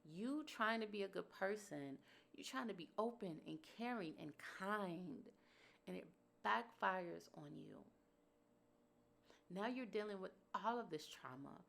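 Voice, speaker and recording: A podcast host with a low-leaning, vocal-fry voice talks through a personal reflection. She speaks earnestly and emphatically, repeating phrases for stress.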